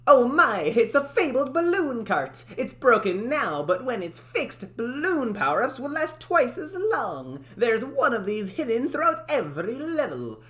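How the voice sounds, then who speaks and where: A man's voice: very high voice, sing-song, sharp tone, pitched above the performer's own voice, heavily acted. Woman doing a bouncy cartoon handyman. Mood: cheerful. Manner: sing-song, bouncy, drawn-out words. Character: cheery male handyman, mock-Italian cartoon style. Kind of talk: recording game voice lines.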